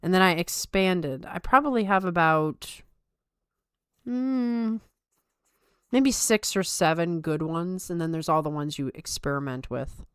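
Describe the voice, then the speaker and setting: Smooth casual woman podcast host. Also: sits low, moderate pace, few pauses, fairly bright tone, no echo, clean studio sound. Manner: rambling, self-mocking, playful Valley Girl lilt. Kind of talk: casual chat.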